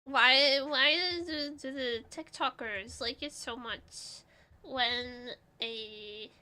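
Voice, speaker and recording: A young woman streaming casually, congested and clearing her throat, playful and giggly with dramatic outbursts. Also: a little high, fairly even intonation, very slow, sharp tone.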